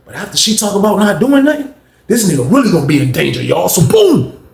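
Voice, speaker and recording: A man's voice: sits high, fast talker, creaky. A man casually telling a story in street slang, acting out the voices and cursing often. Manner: animated, acts out voices, heavy cursing. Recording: echoey room, faint noise.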